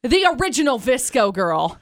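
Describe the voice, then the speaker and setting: A woman's voice: a little high, very animated, normal speed, dry recording, studio quality. A young woman co-hosting a morning radio show, telling stories animatedly and laughing easily. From United States. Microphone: studio microphone.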